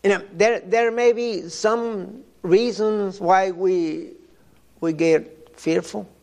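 An older man from Mexico preaching a sermon, telling personal stories in a halting way and often repeating his words. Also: high-pitched, fairly even intonation, creaky, darkish tone.

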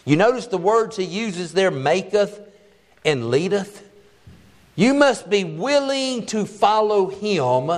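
A man with a notably high voice delivers a sermon in a homespun, down-to-earth way. He leans on key phrases and draws them out slowly to drive each point home. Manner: folksy, plainspoken preaching with colloquial grammar. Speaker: preacher.

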